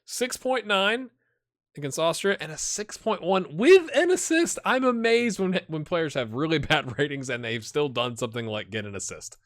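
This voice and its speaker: A man hosting a gaming channel, thinking aloud in casual commentary and talking straight to his virtual players. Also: normal speed. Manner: animated, jumps high when excited.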